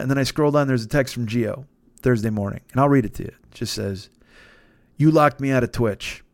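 A man in his fifties hosts a comedy podcast, telling a long story casually and profanely, constantly restarting and interrupting himself. His voice is medium-pitched and brisk, recorded dry.

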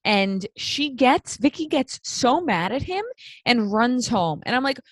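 A woman's voice: on the high side, measured pace, dry recording. A woman co-hosting a casual chat show, recapping a story and acting out its quotes. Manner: animated, acts out quotes. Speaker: podcast co-host.

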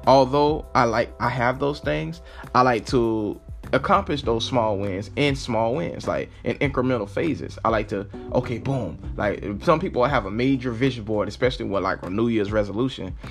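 A man's voice: mid-range voice, normal speed, gravelly, faint music behind. A man hosting his own podcast, talking through motivational advice in an earnest, rambling way, often restarting and saying "like". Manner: earnest, repetitive, heavy use of "like". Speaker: podcast host. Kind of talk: casual motivational monologue. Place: own apartment.

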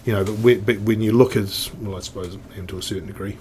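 A man, talking in a loose, rambling way, circling back and restarting his sentences. His voice sits a little low. A faint hum of background noise runs under the recording. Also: steady tone, fast, a little mellow. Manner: rambling, many restarts and swearing. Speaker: guest. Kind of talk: casual storytelling chat.

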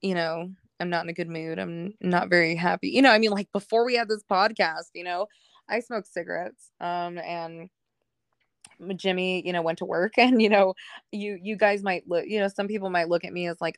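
A young woman guests on a casual podcast, candidly telling her life story, laughing often and acting out what other people said. Her lowish, slightly bright voice moves fairly quickly with fairly even intonation, captured in clean studio sound with no room echo.

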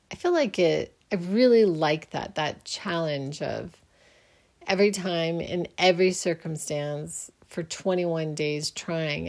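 Slow-talking earnest woman storyteller. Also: on the low side. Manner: rambling, earnest, often restarts; faith-minded, reflective. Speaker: podcast host. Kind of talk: personal storytelling monologue.

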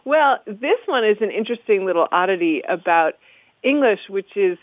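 A woman's voice: medium pitch, expressive, moderate pace, dry recording. A woman historian of the language explaining usage in conversation, articulate and amused, lecturing in an easy way. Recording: tinny phone-like dry sound.

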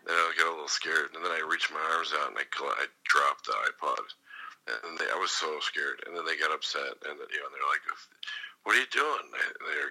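A man's voice: extremely low pitch, vocal fry, pushed and bright, poor audio. A man from California telling a long rambling story in casual chat, acting out the voices in it. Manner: rambling, acts out voices in his stories, swears.

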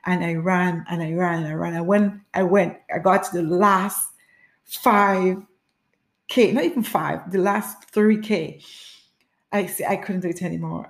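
A woman telling a personal story in a casual spoken way, animated, repeating phrases and acting out her own cries. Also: mid-range voice, moderate pace.

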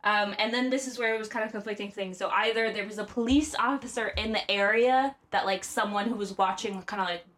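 A woman's voice: mid-range voice, brisk, hardly any pauses, a bit bright. Chatty young woman telling a story. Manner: chatty, lots of "like" and "um", laughs often. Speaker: podcast host. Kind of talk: casual storytelling chat.

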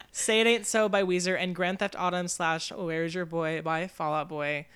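Fast-talking young woman podcast co-host. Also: on the low side, steady tone, fairly bright tone, clear, resonant tone. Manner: fast-talking, trips over words. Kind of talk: casual chat.

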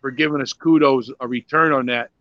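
A man's voice: medium pitch, fairly even intonation, fairly quick, no echo. An older man, a former pro wrestler, telling rambling, profane stories in a casual interview, full of "you know"s and restarts. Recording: dry, slightly dull lo-fi sound.

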